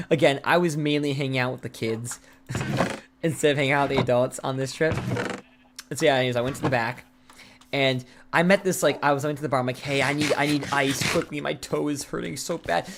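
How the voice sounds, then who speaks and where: A man's voice: medium pitch, brisk, gravelly. Rambling young man telling a story. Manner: rambling, full of "like" fillers and restarts. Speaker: streamer. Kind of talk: rambling storytelling while gaming. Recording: noisy home stream mic with clicks.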